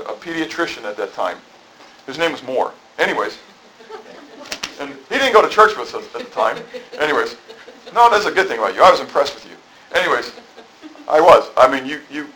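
A man's voice: on the high side, a bit bright, slight background noise, rough recording. A middle-aged man preaching a sermon in a conversational, rambling way, full of asides. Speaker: pastor. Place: church.

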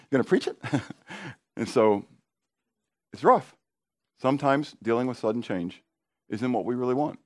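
Middle-aged male pastor, fervent sermon delivery, rhetorical questions to the crowd, slightly low voice. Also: vocal fry.

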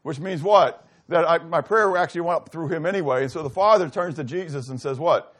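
A male pastor gives a casual, conversational sermon, speaking briskly with few pauses. He often questions his congregation and acts out short dialogues, and at times his voice sinks low and soft.

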